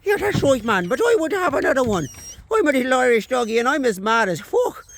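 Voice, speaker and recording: Guy doing a high squeaky cheeky irish doggy, swears a lot, voice jumps around. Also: big pitch swings, quick pace, a bit bright, slight background noise, exaggerated voice. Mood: cocky. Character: small hyper mad male Irish dog, cheeky and foul-mouthed.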